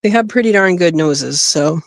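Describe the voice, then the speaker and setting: With a lowish voice, lively intonation and a moderate pace, this woman sounds clean and studio-like, with no echo. She's hosting a phone-recorded homesteading livestream outside at a rabbit hutch, making casual conversation, cooing to her rabbit and laughing often.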